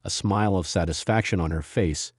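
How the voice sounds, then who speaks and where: Deep-voiced male story narrator. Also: fairly quick, no echo, clean studio sound.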